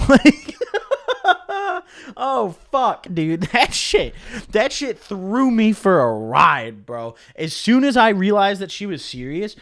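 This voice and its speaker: A young man telling a story on his vlog in a casual, animated way, swearing often and dropping low and quiet when he quotes himself. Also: slow, vocal fry, dry recording, clean studio sound. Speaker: YouTuber.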